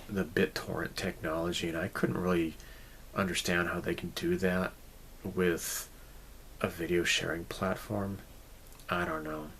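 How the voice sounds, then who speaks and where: A man's voice: low voice, a bit bright, slight background noise. A man hosting his hobby channel, giving a casual, rambling update with lots of fillers, restarts and blunt, mildly crude asides.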